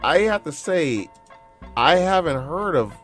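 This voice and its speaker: A man hosts a casual interview in a fairly high voice. He is playful, joking and teasing his guest. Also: very animated, a little slow, soft background music. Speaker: host.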